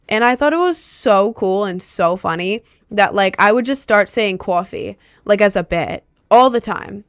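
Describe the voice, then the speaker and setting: A woman's voice: medium pitch, lively intonation, moderate pace, clean tone, no room sound, clean studio sound. A young woman from Maryland chatting casually to camera in a rambling way, full of "like". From Maryland, USA. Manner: rambling, heavy filler "like".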